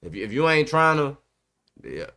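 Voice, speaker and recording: A man's voice: on the high side, normal speed. A man co-hosting a podcast, arguing about football in a casual, emphatic way. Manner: emphatic, animated, repeats "bro" often. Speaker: podcast host. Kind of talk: casual sports debate. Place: podcast studio.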